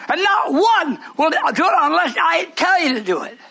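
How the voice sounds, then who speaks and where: A man in his eighties preaching a sermon, scolding and rambling, breaking into shouts at his congregation. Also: very high-pitched, big pitch swings, normal speed, gravelly, a crowd in the background. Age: 80s. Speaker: pastor.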